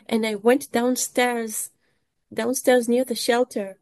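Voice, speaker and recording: A woman, an English speaker, giving an emotional first-person testimony in a halting way, often repeating and restarting words. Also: fairly high pitch, little pitch movement.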